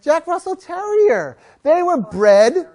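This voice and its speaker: A woman's voice: extremely high pitch, slow pace. A woman dog trainer giving a jokey talk to an audience, acting out little voices of owners and dogs. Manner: animated, jokey, acts out voices of people and dogs.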